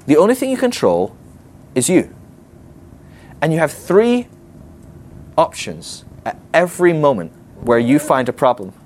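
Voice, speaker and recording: A man's voice: fairly high pitch, measured pace, pauses often. A man teaching a ministry class in a conversational way, often acting out what people might say to themselves. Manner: animated, conversational, acts out quoted inner voices.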